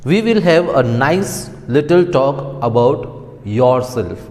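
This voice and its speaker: A man's voice: medium pitch, lively intonation, takes it slowly, a little mellow. A male teacher reading the lines of a menacing male criminal intruder, in a long-reverb recording. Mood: curt threatening. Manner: read aloud plainly from the textbook.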